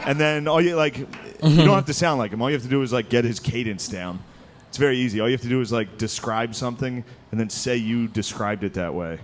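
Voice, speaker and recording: A male stand-up comedian performs in a large live venue, his voice in a middle register. His delivery is loose and chatty and full of casual filler. Audience noise comes through clearly behind him. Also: medium pitch, quick pace. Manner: loose, conversational storytelling with frequent "dude" and "like". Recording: live stage recording with clear crowd noise. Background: audience laughter and room ambience.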